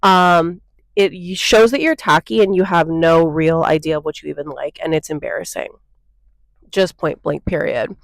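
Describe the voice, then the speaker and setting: In a dry, rough recording, a young woman with a deep, creaky voice speaking at normal speed vents to her phone camera for an opinion vlog. Blunt and exasperated, she peppers everything with "like" and "okay?".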